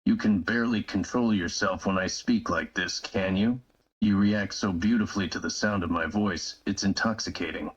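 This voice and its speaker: A man playing a deep, husky brooding mercenary. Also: fairly even intonation, lo-fi sound. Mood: low seductive.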